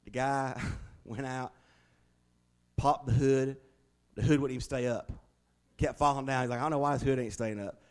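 A man preaching a sermon, telling folksy stories with big swings between loud and hushed delivery. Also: medium pitch, steady tone, moderate pace, pauses often. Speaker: pastor.

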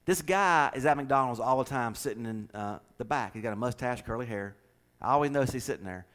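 Middle-aged Southern man, pastor, chatty and animated storyteller, mid pitch. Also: a little fast. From American South. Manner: animated storyteller, chuckles, repeats words. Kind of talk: casual chat with co-hosts.

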